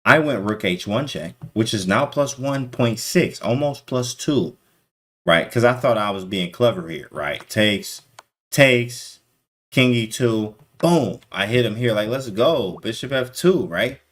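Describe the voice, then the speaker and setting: A man reviewing his own chess game in an excitable casual way, full of slang, repeated phrases and sudden exclamations. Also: medium pitch, unhurried.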